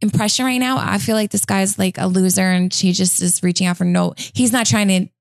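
A woman's voice: mid-range voice, fairly even intonation, vocal fry, no echo. A woman on a casual advice panel, skeptical, talking through her doubts with restarts. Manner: skeptical, talks fast with restarts.

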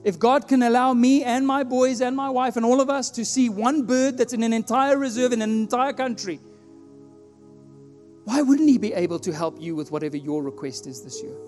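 A man from South Africa preaching a sermon in a church, telling a personal story and acting out his own prayers with animated delivery. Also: very high-pitched, moderate pace. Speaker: pastor. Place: church hall. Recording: long hall reverb, faint music.

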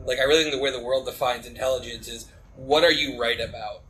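Man in a church group, bright, crisp tone, hedging and reflective. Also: medium pitch, steady tone, fast, a little hiss or hum, poor audio. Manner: thoughtful, hedging with "like". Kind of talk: casual discussion.

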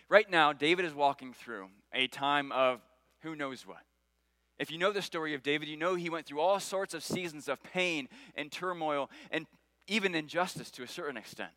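An earnest man delivers a sermon in a bright, forward voice. He leans on repeated phrases and lifts his voice for prayers. The sound is dry and close. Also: on the high side, moderate pace, no room sound, low-quality recording. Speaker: pastor.

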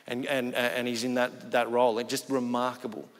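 A man's voice: mid-range voice, level tone, a little fast, few pauses, big-room sound. A pastor preaching a sermon, telling stories in a conversational way and acting out the people he quotes.

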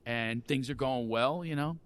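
A male comedian guest telling stories in casual chat, animated and laughing often. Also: mid-range voice, unhurried, clear, resonant tone.

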